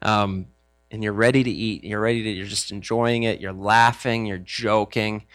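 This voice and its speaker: A man's voice: fairly low pitch, fairly even intonation, normal speed, fairly bright tone. Male pastor, easygoing sermon delivery, plays out the disciples' lines. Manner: conversational, acts out disciples' voices; frequent fillers and restarts. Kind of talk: sermon with scripture reading.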